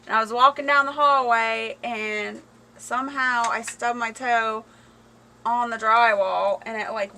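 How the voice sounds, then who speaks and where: A woman's voice: on the high side, bright, forceful tone, a little hiss or hum, poor audio. A woman chatting casually on a home livestream, laughing and reading viewer comments aloud. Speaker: livestream host. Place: home, indoors. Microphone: phone camera.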